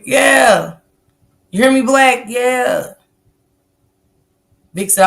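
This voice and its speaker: Very slow and pausing often, her fairly high voice is animated. She's a Southern American woman hosting a casual livestream, reading comments, chatting loosely, swearing freely, and laughing frequently.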